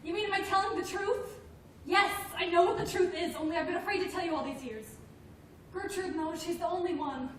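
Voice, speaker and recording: An actress with an extremely high, brisk voice plays a grown but childlike and anxious daughter of the grandmother in a film drama. Pleading, she talks earnestly and stammers when upset, and the audio is roomy and distant with a faint noise.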